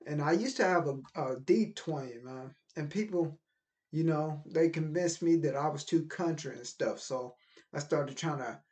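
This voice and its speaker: A man from Middle Tennessee with a softened Southern accent, talking casually to camera with lots of fillers and turning blunt and emphatic. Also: fairly high pitch. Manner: loose, rambling, frequent "you know" fillers; grows emphatic and blunt, with swearing. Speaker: vlogger. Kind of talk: casual motivational talk to camera.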